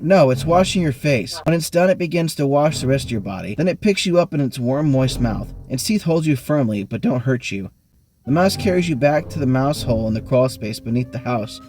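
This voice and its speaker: A man hosting an online game, reading a choose-your-own-adventure book aloud with animated bursts of speed and sudden pitch jumps. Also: fairly quick, faint music behind. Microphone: online voice call.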